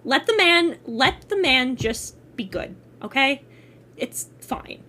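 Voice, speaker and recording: A woman streamer gushes in casual chat, high and bright in pitch. Her voice swoops animatedly up and down as she swears and laughs. Her talk stays loose and excited throughout. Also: slow pace. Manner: gushing, profane, laughs often.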